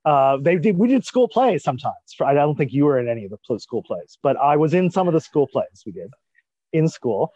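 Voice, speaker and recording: A man's voice: on the high side, big pitch swings, warm tone, husky, dry recording, dull audio. A man co-hosting a podcast in casual chat, playful and teasing. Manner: playful, teasing, quick to laugh. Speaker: podcast co-host.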